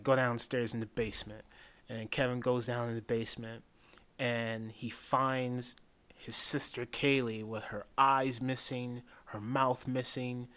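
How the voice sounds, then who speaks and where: Man, casual film review, rambling, repeats himself, hushes for creepy bits, medium-pitched voice. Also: smooth. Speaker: movie reviewer.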